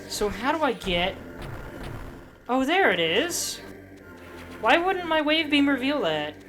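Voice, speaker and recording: A woman's voice: high-pitched, big pitch swings, takes it slowly, fairly bright tone. A woman casually commenting on her own playthrough of a game, talking to herself with playful asides. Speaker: gaming commentator. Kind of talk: casual let's-play commentary. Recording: game music behind voice. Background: game music.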